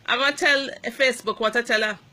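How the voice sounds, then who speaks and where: Antiguan woman nurse telling her story; bright, forceful tone, emphatic and animated. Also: fairly high pitch, fast talker. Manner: animated, emphatic, acts out the dialogue. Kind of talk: emotional personal account.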